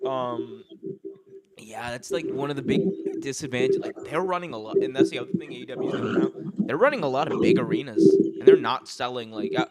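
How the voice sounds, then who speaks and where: A man's voice: mid-range voice, lively intonation, a little fast, a crowd in the background. A young man co-hosting a casual wrestling podcast, talking loosely with lots of filler words. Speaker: podcast co-host.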